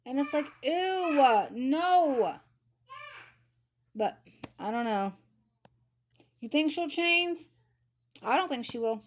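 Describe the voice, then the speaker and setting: A woman's voice: high voice, animated, a little slow, long pauses, fairly bright tone. A woman in her thirties giving a blunt, ranting commentary to camera, repeating herself for emphasis. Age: 30s. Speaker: vlogger. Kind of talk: casual commentary.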